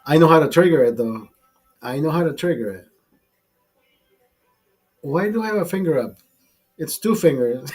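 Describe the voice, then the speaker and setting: A man's voice: fairly high pitch, animated, normal speed, pauses often, darkish tone, husky, soft background music. A man hosting a casual late-night chat over beers, tipsy, crude and rambling, repeating himself and laughing often. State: tipsy from drinking. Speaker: livestream host.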